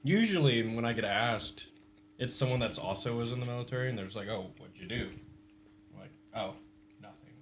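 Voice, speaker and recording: A man speaking quietly in a casual podcast chat, his words trailing off. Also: mid-range voice, lively intonation, quick pace, slight background noise.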